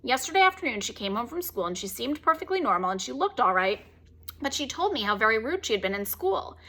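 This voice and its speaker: Fretful proper mother, read by a woman; earnest, bright. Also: fairly high pitch, sing-song, quick pace, full character voice. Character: worried, proper young mother.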